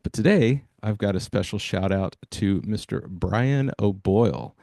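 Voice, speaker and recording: An enthusiastic male podcast host who hypes up his listeners and scatters fillers through his talk. His voice sits low and mellow. The recording is close and dry. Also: unhurried, gravelly, no room sound. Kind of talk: energetic podcast monologue.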